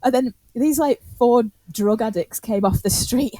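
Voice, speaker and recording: Chatty woman, somewhat high voice, dry close sound, rambling and laughing through a story, swearing freely. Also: unhurried, warm tone, dry recording. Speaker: podcast co-host. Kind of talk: casual storytelling chat.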